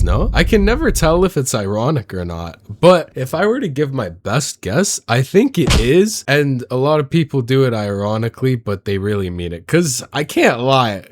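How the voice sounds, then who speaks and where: A man's voice: mid-range voice, darkish tone, slight background noise. A man giving comedic reaction commentary on videos, joking and mock-outraged.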